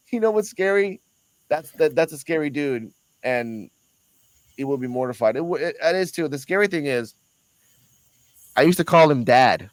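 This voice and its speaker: A man with a high voice tells a story in a loose, profane, animated way. He slips into the voices of the people in his tale as he goes. The sound is dry and close. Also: normal speed, long pauses, dry recording, rough recording. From Puerto Rico. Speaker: host. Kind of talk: casual storytelling on a reaction show.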